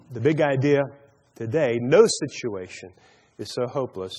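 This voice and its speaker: This man's medium-pitched voice is darkish with a breathy edge, lively in intonation and measured in pace. He teaches a Bible study sermon through storytelling and jokes, stammering and repeating words often, in a recording with long hall reverb.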